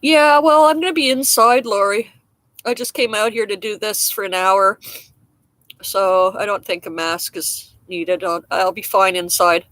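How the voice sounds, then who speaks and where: A woman chatting casually to her live-stream viewers from outside in a damp garden. She rambles, pokes fun at herself and chuckles often, with the odd cough. Her voice sits at an ordinary middle pitch, close and dry. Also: measured pace, fairly bright tone, no room sound. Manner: rambling, frank, self-mocking, chuckles often. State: coughing now and then. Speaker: livestream host chatting with viewers.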